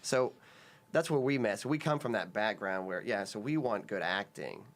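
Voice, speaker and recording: A man with a fairly low voice talks casually as a podcast guest. He rambles through his stories, restarting sentences and piling up fillers. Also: expressive, moderate pace. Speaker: sketch comedian guest.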